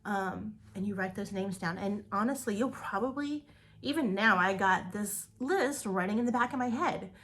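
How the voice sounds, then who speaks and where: A woman's voice: medium pitch, expressive, normal speed, a bit bright. A woman giving an upbeat motivational talk to her direct sales team, repeating words for emphasis.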